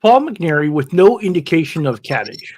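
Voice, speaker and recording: A man's voice: on the high side, big pitch swings, moderate pace, darkish tone. A man hosting a casual livestream chat, easygoing as he reads out viewers' names. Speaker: host.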